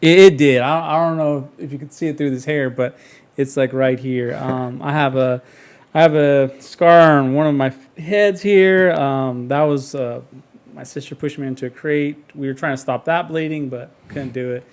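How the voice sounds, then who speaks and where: A man's voice: mid-range voice, normal speed, smooth. A man in his thirties, a podcast guest, telling stories casually with lots of restarts and bursts of laughter. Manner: rambling, many fillers and restarts, laughs through stories. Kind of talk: casual storytelling.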